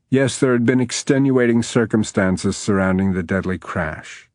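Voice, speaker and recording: A man reading an audiobook in steady, even scripted narration on a close studio mic. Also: on the low side, moderate pace, few pauses, no echo.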